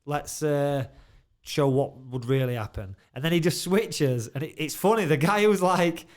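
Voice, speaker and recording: He talks at a normal speed in a fairly high voice. As co-host of a studio podcast, he keeps the chat casual, cracking up, swearing a lot, and telling stories with energy.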